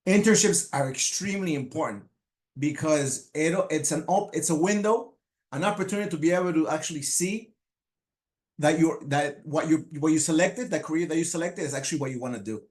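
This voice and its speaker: Guy in his 50s, spanish first language, slightly high voice, telling his story on stage, lots of um and restarts. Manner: halting, many restarts and fillers. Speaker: motivational speaker. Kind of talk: personal storytelling speech.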